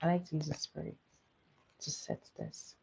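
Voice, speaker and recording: A woman's voice: low voice, huge pitch swings, unhurried, vocal fry, very noisy. A young woman doing a casual livestream makeup tutorial, chatty, laughing often and asking her viewers questions. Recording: dull lo-fi audio.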